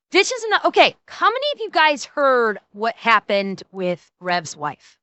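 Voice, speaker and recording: A woman's voice: a little high, huge pitch swings, moderate pace, hardly any pauses, sharp tone, clear, resonant tone, no echo. A woman streamer giving casual reaction commentary, blunt and profane, often restarting her sentences.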